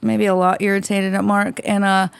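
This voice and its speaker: A woman's voice: mid-range voice, little pitch movement, moderate pace, vocal fry, clean tone, dry recording. A woman co-hosting a podcast in casual chat, blunt and wry, swearing freely. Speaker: podcast co-host.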